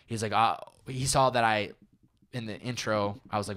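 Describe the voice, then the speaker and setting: A man's voice: fairly low pitch, level tone, fast, fairly bright tone. A young man, a podcaster guest, talking casually and candidly in an interview, rambling a bit and acting out quoted lines.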